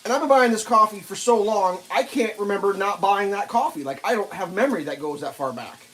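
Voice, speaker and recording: This central-US livestream host cooks breakfast in his home kitchen, rambling casually to viewers and talking to his dog. His high-pitched, expressive voice is a little fast and a bit bright, with slight background noise.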